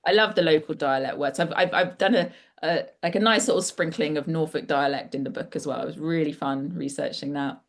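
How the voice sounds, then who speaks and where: A woman's voice: sits low, fairly quick, few pauses. A middle-aged woman author talking casually and enthusiastically at an online book launch, rambling with frequent restarts over a video call.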